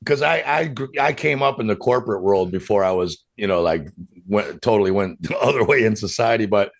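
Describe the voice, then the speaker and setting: Male podcast host, gravelly tone, joking and chatty. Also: lowish voice, lively intonation, fairly quick. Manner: joking, laughs often, loose and rambling. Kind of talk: casual podcast conversation.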